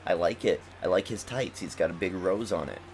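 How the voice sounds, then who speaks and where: A young man with a deep, low voice talks through a wrestling game in a loose, rambling way, sounding like he has just woken up. He gushes like a fan and backtracks often. There is faint noise behind him. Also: fairly quick, darkish tone. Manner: rambling, chatty, enthusiastic fan talk. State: just woke up. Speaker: gaming commentator. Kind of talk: casual commentary over gameplay. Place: at home.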